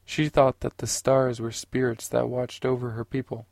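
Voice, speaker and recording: A man narrating a science fiction audiobook in a steady, unhurried way. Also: medium pitch, vocal fry, dry recording.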